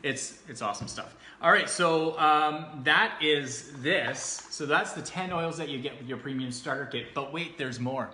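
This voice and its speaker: A man chatting casually and cheerfully through a product walkthrough, joking and filling pauses with ums. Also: a little high, pushed and bright, a little hiss or hum. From Canada. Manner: chatty, upbeat, jokey, with frequent fillers. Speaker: vlogger reviewing essential oils. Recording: echoey room.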